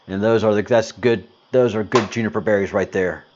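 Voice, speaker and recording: A man's voice: on the low side, brisk, hardly any pauses, lo-fi sound. A man hosting a casual livestream, greeting viewers and answering chat comments in a rambling, hesitant way with lots of fillers. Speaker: livestream host.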